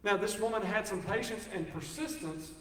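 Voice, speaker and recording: A man preaching a sermon, folksy and animated, joking with the congregation. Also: sits high, moderate pace. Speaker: pastor. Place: church sanctuary. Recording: echoey hall, speaker far from mic.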